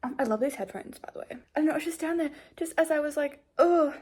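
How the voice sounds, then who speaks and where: A woman's voice: sits high, fast, a little mellow. A young woman vlogging casually about books, chatty and rambling with lots of fillers. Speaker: book vlogger. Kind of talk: casual vlog chat.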